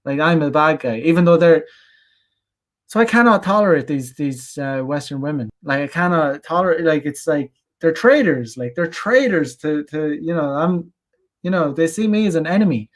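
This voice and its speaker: A man's voice: on the high side, normal speed. A young adult man from Ireland, ranting in a rambling, blunt, profane way on a casual livestream and reading out chat comments. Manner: rambling, many restarts and fillers, blunt and profane. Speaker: channel host.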